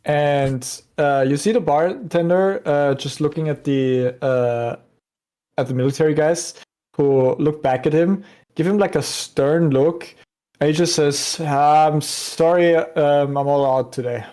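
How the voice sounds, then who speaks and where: A man's voice: fairly high pitch, a little slow, dark tone. A man narrating a tabletop game as game master, with many hesitations.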